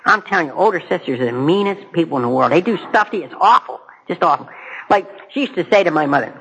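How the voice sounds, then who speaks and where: A man's voice: on the high side, animated, fast, creaky, fairly bright tone, a little hiss or hum, poor audio. A middle-aged man giving a personal testimony at a recovery meeting, conversational and self-mocking, speaking straight to the audience. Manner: direct to audience, asks questions.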